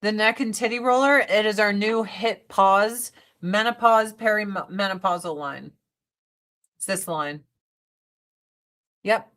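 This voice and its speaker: A woman hosts a casual livestream, doing her makeup and answering viewer comments while chatting bluntly and swearing often. Her voice is mid-range and a bit bright, and she speaks slowly with frequent pauses.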